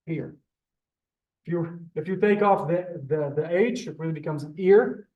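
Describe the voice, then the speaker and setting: A man's voice: a little high, moderate pace, phone-quality sound. A man teaching a live beginner Hebrew class in a synagogue classroom, polite and chatty, often calling students "sir". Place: synagogue classroom, also streamed on Zoom.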